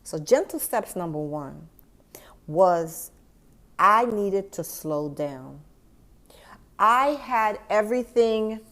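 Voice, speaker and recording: A woman talks in an unhurried, gentle way, taking her time with each thought. Her voice sits a little low for a woman, and she addresses the listener directly with heartfelt warmth as a grieving mother on her own podcast. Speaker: podcast host. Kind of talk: personal reflective monologue.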